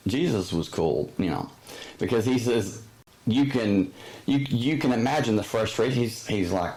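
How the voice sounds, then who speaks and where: A man hosting a casual religious commentary, rambling with many fillers and sudden high-pitched exclamations. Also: sing-song, moderate pace, darkish tone, rough recording. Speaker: host.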